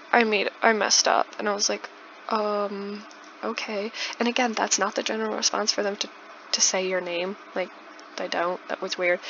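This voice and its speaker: A woman's voice: medium pitch, gravelly, bright, forceful tone. A young woman in her twenties telling a casual storytime while doing a building game, chatty with lots of likes and restarts. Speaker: YouTuber. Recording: dull lo-fi, faint noise.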